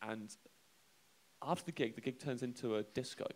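A young man telling a comic anecdote on a live show, halting and self-deprecating, chuckling between lines. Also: medium pitch, a little hiss or hum. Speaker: comedian telling a story.

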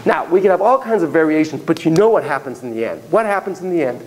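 Man, psychotherapy lecturer, high voice, theatrical classroom storytelling, gasps and whispers. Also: fast, slight background noise, low-quality recording. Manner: animated and theatrical, with gasps, laughs and drops to a whisper.

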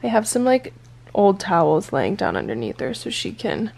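Chatty young woman vlogging, slightly gravelly. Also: medium pitch, huge pitch swings, normal speed, a little hiss or hum. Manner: chatty and emotional, with soft teary asides. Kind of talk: casual vlog talk to camera. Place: in a car, then at home in bed.

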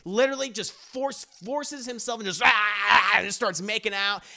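A man casually recapping a TV episode, animated and profane, acting out the scenes as he goes. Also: sits high, fairly quick. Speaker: TV reviewer.

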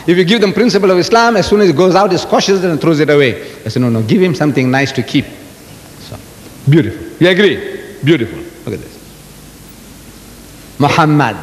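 An older man giving an animated religious lecture, telling stories and asking the audience rhetorical questions. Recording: echoey hall with faint rumble.

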